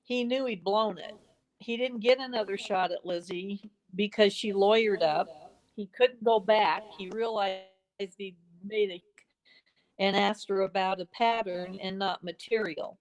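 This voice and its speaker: A woman speaking as a podcast guest, telling a story at a mid-range pitch. She sets out her argument earnestly, one step at a time. Now and then she slips into short quoted exchanges. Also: unhurried. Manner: earnest, builds a case point by point; acts out quoted dialogue in brief snippets. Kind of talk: conversational storytelling.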